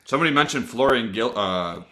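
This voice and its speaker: A man's voice: mid-range voice, lively intonation, brisk, sharp tone, slight background noise. A man co-hosting a casual football podcast, giving blunt opinions and correcting himself mid-sentence. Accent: American. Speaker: podcast co-host.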